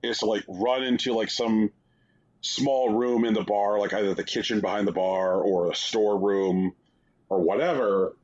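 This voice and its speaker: Low husky man, wry rambling chat. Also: fairly even intonation, normal speed, a little mellow, dull audio. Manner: rambling, wry, heavy use of "like". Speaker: podcast co-host. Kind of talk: casual game review chat.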